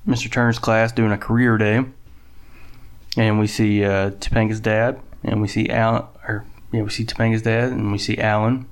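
A man's voice: fairly low pitch, flat delivery, normal speed. A man co-hosting a podcast in casual chat, joking and swearing as he rambles. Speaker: podcast co-host.

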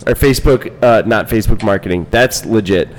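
A man's voice: fairly low pitch, a little fast, a little hiss or hum, rough recording. A man co-hosting a casual chat, joking and playing off the others. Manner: joking, playful suggestions.

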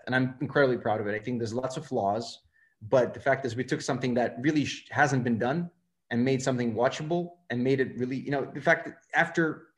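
A man talks quickly through his stories in a casual interview. He acts out the people he quotes as he goes. His pitch sits in the middle range for a man. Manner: fast, animated, acts out quoted dialogue. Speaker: film director, guest.

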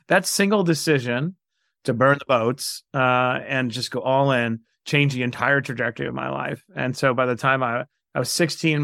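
Brief: gravelly, dry-miked man in his forties from New York, animated storyteller in an interview. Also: mid-range voice, no echo. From New York, USA. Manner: animated, acts out quoted dialogue. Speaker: guest entrepreneur.

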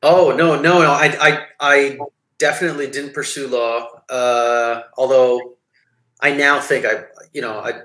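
A man's voice: medium pitch, steady tone, a little slow, fairly bright tone, roomy sound, low-quality recording. A man in his forties from Montreal, a label founder talking as an interview guest in a rambling casual way with many fillers and restarts. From Montreal, Canada.

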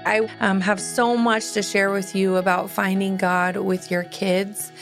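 A woman in her forties hosts a podcast with casual, heartfelt talk, sounding earnest and encouraging, with fillers and restarts. Her mid-range voice shows little pitch movement and an unhurried pace, over soft background music.

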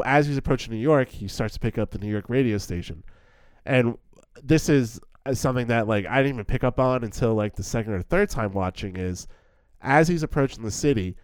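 A young man with a lowish, darkish, smooth voice and no echo co-hosts a film podcast. He's casual and chatty, packs his speech with "like" fillers, and acts out character lines.

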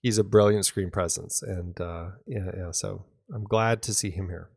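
A man's voice: deep voice, steady tone, normal speed, gravelly, darkish tone, no room sound, clean studio sound. A man co-hosting a podcast, chatting casually and enthusiastically about a film and often restarting his sentences. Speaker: podcast co-host.

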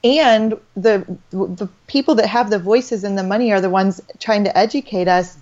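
A woman's voice: medium pitch, moderate pace, darkish tone. A woman in her thirties, a holistic doctor, talking in a rambling, faith-filled conversation full of restarts and trailing phrases. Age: 30s. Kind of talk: casual faith-based conversation. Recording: slightly dull lo-fi audio.

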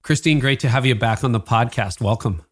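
A man with a Canadian accent hosting a podcast, reading sponsor spots and interviewing a guest in a friendly, animated way. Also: mid-range voice, brisk. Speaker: podcast host. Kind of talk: ad reads and interview.

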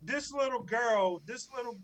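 A man, probably in his thirties, co-hosting a podcast, telling stories in casual, profane, animated chat. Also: very high voice, unhurried, a crowd in the background, low-quality recording. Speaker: podcast co-host.

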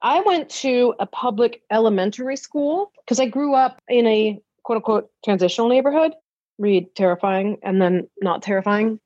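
A wry woman in her fifties from Washington, D.C. chats as a podcast guest, with a fairly high voice. The recording sounds dry and a bit dull and lo-fi. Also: normal speed, dark tone, dry recording. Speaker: podcast guest, actress and comedian. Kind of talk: casual interview chat.

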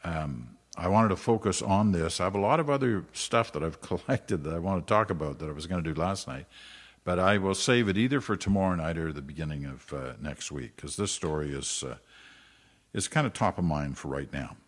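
An older man hosts his podcast in a deep, slightly husky voice. He talks loosely and conversationally, drifts into tangents and pokes fun at himself. The recording carries a long, hall-like reverb. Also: expressive, a little fast. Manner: conversational, digressive, self-deprecating. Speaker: podcast host. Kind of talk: casual solo podcast commentary.

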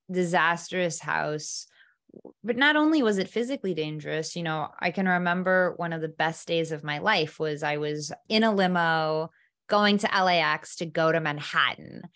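A woman with a slightly low voice tells a personal story as an interview guest. She is animated and vivid, slipping into lively quoted asides as she goes.

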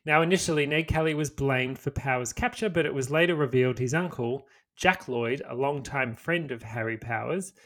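A man's voice: mid-range voice, normal speed, few pauses, fairly bright tone. Australian man reading a history tale. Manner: storytelling read with swearing asides. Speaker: podcast co-host. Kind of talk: reading a history story aloud, with casual banter.

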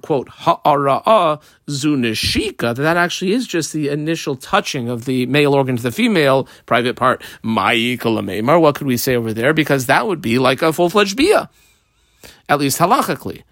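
A man's voice: a little high, no room sound. Guy walking through a talmud page, voice bouncing all over, real dry close sound. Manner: lively, quick, mixes Aramaic terms into English explanation. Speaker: Talmud teacher.

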